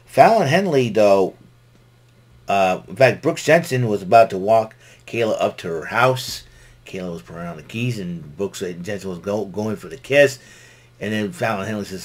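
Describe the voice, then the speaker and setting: A man hosting his own show who rambles through a casual spoken recap with frequent restarts. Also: on the low side. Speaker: solo show host recapping wrestling.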